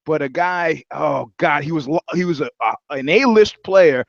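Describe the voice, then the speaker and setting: A man with a fairly high voice co-hosts a casual comedy podcast and slips into joking, mock-scolding rants. The sound is dry and close but slightly dull, like a lo-fi recording. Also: animated, normal speed, creaky, dry recording. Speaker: podcast co-host.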